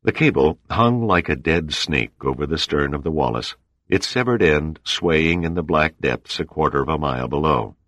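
Very deep-voiced male audiobook narrator. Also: expressive, moderate pace, fairly bright tone, no echo, studio quality. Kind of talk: scripted narration.

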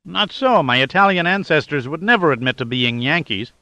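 A man's voice: a little high, animated, fairly quick, sharp tone, dry recording, voice pushed up. A man reading a cheerful joking male sidekick with a breezy manner.

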